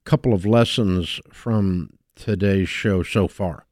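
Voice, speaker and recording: A man's voice: sits low, takes it slowly, a little mellow, dry recording. Man, southern accent, radio host, blunt, scolding, emphatic, dry studio sound. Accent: Southern American. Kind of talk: call-in advice show talk.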